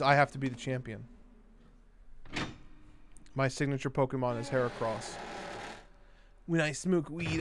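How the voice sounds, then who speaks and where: A man's voice: fairly high pitch, slight background noise. A young man co-hosting a gaming livestream, chatting casually and reading out viewer messages. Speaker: livestream co-host.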